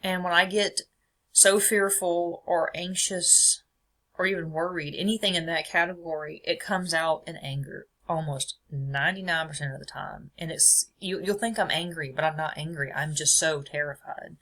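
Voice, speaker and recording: A young woman talks through her own podcast in a friendly, chatty way, reading from notes and laughing often. Her voice sits a little low for a woman. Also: fairly even intonation, normal speed, a bit bright. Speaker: podcast host. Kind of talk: casual faith podcast, read from notes.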